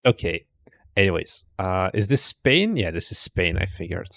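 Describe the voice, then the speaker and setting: A man's voice: low-pitched, animated, moderate pace, gravelly, a bit bright, no room sound, studio quality, faint music behind. A man hosting a stream, casually commenting and teasing as he looks through viewers' desk setups. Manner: chatty, teasing, thinks aloud. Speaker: streamer host. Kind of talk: casual commentary reacting to videos.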